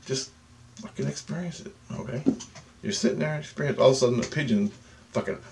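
A man with a gravelly, medium-pitched voice leads a guided meditation fast, with background noise present. As a meditation teacher, he's profane and insistent, keeps saying "okay?", and ramps up in volume and animation.

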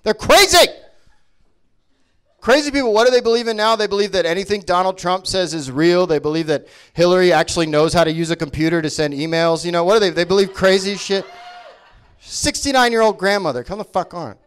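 A man doing a stand-up comedy set, profane and mocking, with quick voices for the people he makes fun of. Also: high voice, smooth. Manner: profane, animated, mocking impressions.

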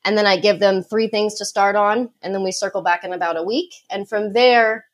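A woman's voice: medium pitch, fairly even intonation, a little fast. A woman guest on a podcast interview, a dog behavior consultant explaining things confidently with light laughs.

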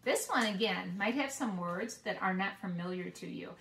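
A woman teaching preschoolers, reading nursery rhymes aloud in a gentle, encouraging way and inviting the children to join in. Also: medium pitch, normal speed, vocal fry, recorded from a distance, heavy background noise. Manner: gentle, encouraging, talks to kids as if they were listening. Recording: roomy sound from away from the mic.

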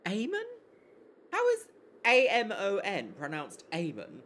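A woman on a casual live stream, playing a game and chatting with her chat in an animated, giggly way. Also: medium pitch, slow pace.

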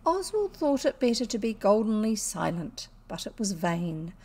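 A woman with a New Zealand accent, reading a classic children's story aloud in an expressive, measured way. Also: mid-range voice, husky. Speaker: audiobook reader. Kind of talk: storybook narration.

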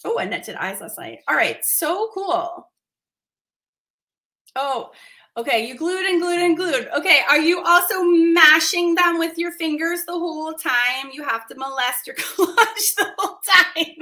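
A woman's voice: very high voice, animated, measured pace, pushed and bright. A woman art teacher on a live stream, chatty and emphatic, laughing often and reacting to viewer comments.

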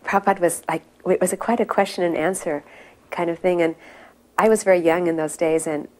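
A middle-aged woman telling an earnest personal story about her past, with many pauses and fillers. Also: fairly low pitch, fairly even intonation, a little mellow. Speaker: devotee recounting memories. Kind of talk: personal reminiscence.

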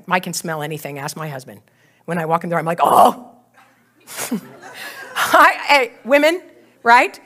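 A woman's voice: fairly high pitch, sharp tone. A woman in her sixties, a pastor, telling a funny story in a sermon and acting out her own part with laughter. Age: 60s.

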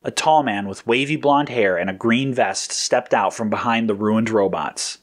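A man narrating an adventure story in a steady, even reading voice. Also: on the low side, normal speed.

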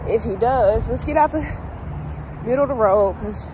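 A woman chatting casually to her vlog camera outdoors at a park while she walks her dog, ranting in slangy, animated talk. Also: a little high, normal speed, background noise. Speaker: family vlogger.

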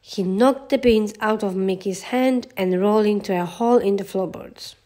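Woman, storybook narrator, gentle read-aloud, children's tale, mid pitch. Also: moderate pace.

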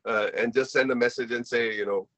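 A man's voice: mid-range voice, steady tone, brisk, fairly bright tone, dry recording. A man with an Indian English accent telling a personal story as a guest speaker, earnest and emotional, often repeating himself.

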